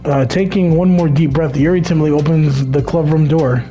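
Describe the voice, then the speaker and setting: A man's voice: on the high side, steady tone, normal speed, mellow, faint music behind. A man reading a visual novel aloud for a let's play, stumbling over words and dropping crude asides.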